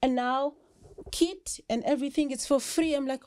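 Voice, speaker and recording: A South African woman, a rugby player guesting on a podcast, telling lively stories and often breaking into laughter. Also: high-pitched, normal speed, dry recording, clean studio sound. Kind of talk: casual storytelling chat.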